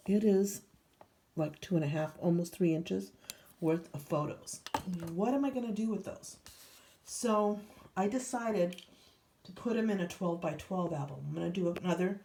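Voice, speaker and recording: A woman's voice: fairly low pitch, normal speed, mellow, a little hiss or hum. An older woman chatting casually as she shows her scrapbook pages, meandering with frequent ums. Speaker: scrapbooking vlogger. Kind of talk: casual show-and-tell narration.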